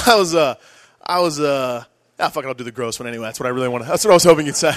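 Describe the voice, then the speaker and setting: Young guy doing stand-up, talks super fast, kinda high voice, crude rambling bits. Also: a bit bright. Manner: rambling, self-mocking, crude. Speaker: stand-up comedian. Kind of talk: stand-up comedy set. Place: comedy club stage.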